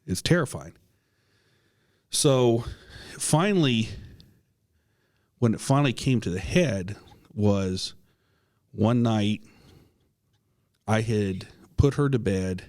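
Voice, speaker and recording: A male podcast co-host tells a personal ghost story in a lowish, slightly mellow voice, animated yet slow, with long pauses. He's casual and earnest, restarting often and coughing now and then.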